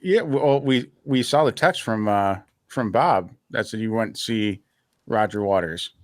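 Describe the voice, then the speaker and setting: A man's voice: lowish voice, measured pace, no room sound. A man co-hosting a podcast, making dry, sarcastic remarks and steering the talk. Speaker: podcast co-host. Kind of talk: casual chat.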